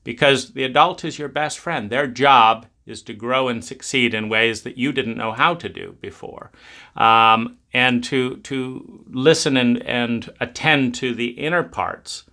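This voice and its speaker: A man's voice: mid-range voice, measured pace, pushed and bright. A man giving a reflective spoken talk, rambling with many restarts.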